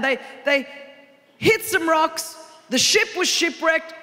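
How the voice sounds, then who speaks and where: Aussie lady preacher, real high bright voice, big echoey hall. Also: slow. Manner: animated, self-deprecating storytelling. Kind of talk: sermon. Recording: long hall reverb.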